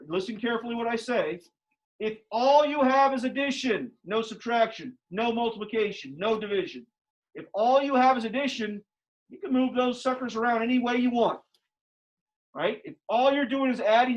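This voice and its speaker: A man teaching a math class in a lecture style, emphatic, repeating his questions to the students, a little out of breath behind a face mask. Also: extremely high pitch. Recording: dull lo-fi classroom audio.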